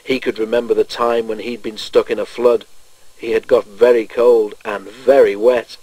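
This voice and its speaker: A man reading a children's railway storybook aloud in a measured, gentle storytelling manner. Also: lowish voice, level tone, husky, poor audio. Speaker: narrator.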